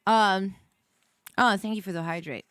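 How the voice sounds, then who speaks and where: An American woman streamer chatting casually on a live stream, jet-lagged and tired, rambling with many fillers and bursts of excitement. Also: medium pitch, unhurried, clear, resonant tone, dry recording, clean studio sound. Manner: excitable, rambling, many fillers, swings between mumbling and squealing.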